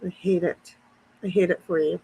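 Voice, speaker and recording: With a fairly low, steady voice that is creaky and warm, a woman talks at normal speed to her livestream viewers from a backyard. She rambles casually while answering chat comments on her phone. The poor audio carries a little hiss or hum.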